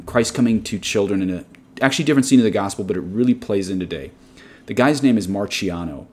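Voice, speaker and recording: A man's voice: lowish voice, darkish tone. A man preaching a meditative sermon in an earnest, digressive, opinionated way. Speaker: Catholic preacher. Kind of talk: sermon-style guided meditation.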